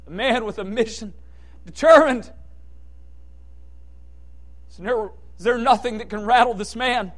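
A man preaching a sermon with impassioned delivery, dropping to hushed tones and then rising to shouted peaks. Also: very high voice, moderate pace, long pauses.

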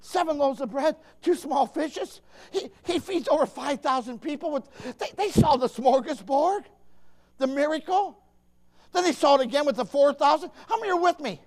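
A man's voice: very high-pitched, normal speed. A man preaching a fervent sermon, emphatic and impassioned, stammering into restarts and calling out to his listeners. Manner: impassioned, emphatic, swings between hushed and shouting, calls out to listeners.

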